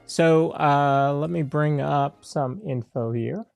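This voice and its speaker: A man co-hosting a casual podcast, easygoing and quick to laugh as he walks through a list of topics. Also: on the high side, creaky, a little mellow, no echo, faint music behind. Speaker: podcast co-host.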